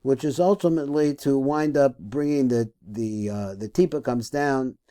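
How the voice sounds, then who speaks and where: Man, study lesson teacher, reads and translates a text, thinks aloud, halting, mellow dark tone. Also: medium pitch. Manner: halting, with restarts and self-corrections.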